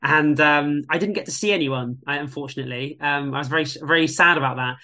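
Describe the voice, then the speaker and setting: Bright, lively man telling stories. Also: a little high, fast talker. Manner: animated storyteller, lively quoted voices. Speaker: guest, music venue tech. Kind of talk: casual chat.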